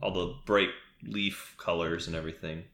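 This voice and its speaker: A man's voice: deep voice, fairly even intonation, normal speed, a bit bright, echoey room. A man co-hosting a podcast, musing aloud and laughing often during casual movie commentary. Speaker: podcast co-host.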